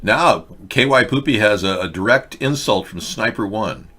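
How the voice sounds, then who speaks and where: A man hosting an online political commentary show, wry and rambling, with many halting restarts. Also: lowish voice, expressive, pushed and bright. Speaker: host.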